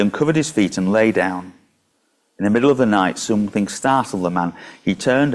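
Low-voiced man preaching. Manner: conversational, with small slips and restarts. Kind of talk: sermon with bible reading.

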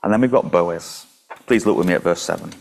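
A man's voice: sits low, a little fast, gravelly. A man preaching a sermon and reading scripture aloud in a conversational way, with small slips and restarts.

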